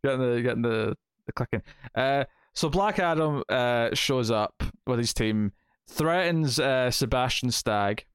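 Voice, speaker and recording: A man's voice: medium pitch, measured pace, clear, resonant tone, dry recording. Guy rambling through a comic recap, lots of uhs, dry close sound. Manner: rambling recaps with many fillers. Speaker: comic book podcast co-host. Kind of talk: casual chat.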